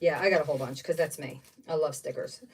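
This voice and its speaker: A woman's voice: low-pitched, fast, a little mellow, breathy edge. A woman hosting a casual craft livestream, chatting and exclaiming over each item she unboxes. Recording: voice somewhat distant from the mic.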